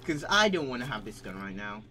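A teenage boy hosts a gaming session, commenting nervously as he plays, panicky and jittery with frequent nervous laughter. His fairly low voice is very animated and brisk, with a noisy background.

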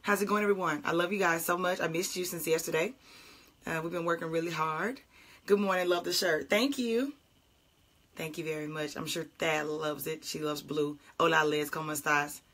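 A woman's voice: low-pitched, steady tone, normal speed, a bit bright. A woman pastor, greeting livestream viewers by name and leading a fervent flowing prayer.

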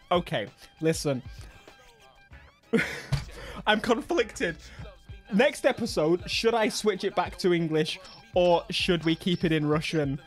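Excitable high-voiced gaming commentator, man. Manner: excitable, laughs often, jokey. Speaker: gaming YouTuber. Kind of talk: let's play commentary.

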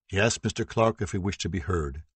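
A man narrating a true-crime audiobook in a steady, sober reading voice. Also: deep voice, fairly quick, slightly rough, no room sound.

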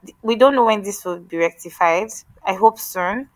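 A Nigerian woman co-hosting a podcast, talking in an animated, emphatic way with pleading asides. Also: medium pitch, moderate pace, no room sound, poor audio. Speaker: podcast co-host. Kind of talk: casual chat.

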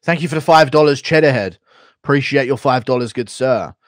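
A man's voice: medium pitch, a little fast, no echo, clean studio sound. A man streaming, reading donations and chatting with sarcastic, casually profane remarks. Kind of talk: casual livestream chat.

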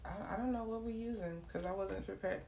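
A woman doing a casual tarot reading, chatty and prone to excited exclamations. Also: mid-range voice, fairly quick. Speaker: tarot reader. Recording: echoey room with clear background noise.

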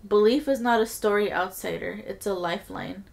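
A woman's voice: mid-range voice, fairly quick, gravelly, close to an everyday voice. A woman reading the lines of a stern female village ritual leader with a grave, warning tone. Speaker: podcast host.

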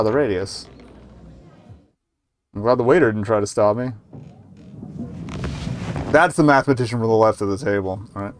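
A man's voice: medium pitch, a little hiss or hum. A man streaming a story game, chatting casually with profane, rambling asides. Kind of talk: casual gaming commentary.

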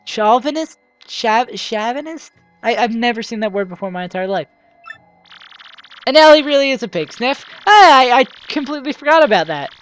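A young woman hosting a let's play, chatting excitedly and stumbling over her words as she comments on a game. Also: on the high side, moderate pace. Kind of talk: casual gameplay commentary. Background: faint game music.

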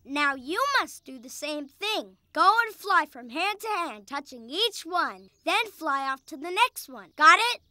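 A woman voicing a patient, encouraging female cartoon animal teacher with a gentle, instructive manner. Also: high voice, lively intonation, unhurried, few pauses, dry recording, clean studio sound, exaggerated voice. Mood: coaching.

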